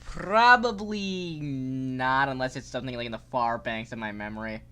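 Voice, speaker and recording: A young man streaming a game live, casual and excitable, cursing often and swinging from mock calm to yelling. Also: medium pitch, normal speed, clean tone.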